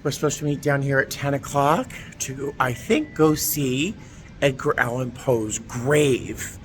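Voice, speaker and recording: Slow-talking man, cold and chatty. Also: medium pitch, animated, faint music behind. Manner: chatty, exclaiming, cold and tired. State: shivering cold. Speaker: vlogger. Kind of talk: casual vlog narration. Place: outdoors in a windy churchyard.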